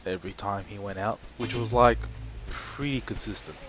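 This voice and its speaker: A man's voice: lowish voice, fairly even intonation, normal speed, a bit bright, faint music behind. A man chatting casually on a stream, telling work stories with laughs and plenty of swearing. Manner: laughing storyteller, swears freely in quoted asides. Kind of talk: casual chat.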